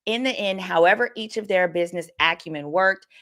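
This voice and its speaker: A woman's voice: lowish voice, brisk, a bit bright. A woman attorney hosting a casual livestream of legal commentary, talking candidly and reading viewer comments aloud. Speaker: attorney and host.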